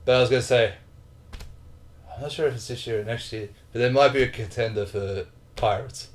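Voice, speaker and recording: A man's voice: medium pitch, brisk. A man co-hosting a casual podcast in a laid-back way, mostly giving short replies and laughing along. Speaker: podcast co-host. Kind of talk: casual chat.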